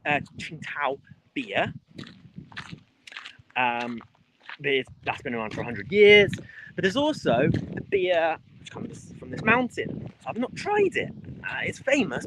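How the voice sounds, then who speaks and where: British male travel streamer, rambling casual delivery, handheld outdoors with clear noise behind. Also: on the high side. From United Kingdom. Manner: rambling, chatty, with frequent fillers and restarts. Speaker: travel vlogger livestreaming. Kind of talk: casual walking livestream. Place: outdoors in a rural mountain village.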